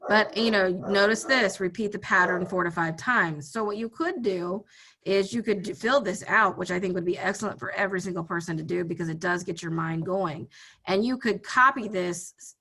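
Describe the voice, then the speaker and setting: A woman teacher explaining a brainstorming worksheet and mini lessons to students in a steady, guiding way. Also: medium pitch, moderate pace. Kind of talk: recorded online lesson.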